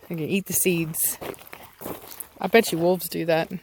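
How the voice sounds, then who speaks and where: A woman's voice: fairly low pitch, fairly even intonation, measured pace, long pauses, slight background noise. Chatty woman vlogging outdoors with dogs. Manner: chatty, calls out sharp commands to her dogs. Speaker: dog breeder. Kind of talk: casual vlog talk outdoors with dogs. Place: outdoors on rural property.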